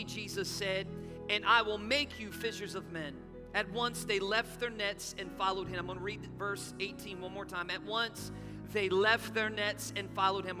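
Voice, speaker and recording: A man preaching a sermon as pastor, emphatic, rereading lines and joking with the congregation. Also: sits high. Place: church sanctuary. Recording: church hall reverb with music behind.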